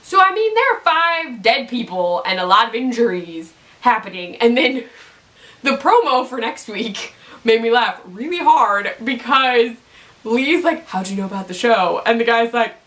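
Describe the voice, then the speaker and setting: A woman hosting a casual video recap, chatty and excitable, full of "like" and "um". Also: a little high, unhurried, far from the mic. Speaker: YouTube TV recap host. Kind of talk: casual chat.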